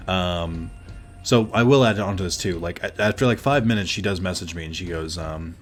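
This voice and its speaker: Deep-voiced rambling male streamer. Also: moderate pace, faint music behind. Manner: rambling, full of fillers and self-corrections. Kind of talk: casual storytelling while gaming.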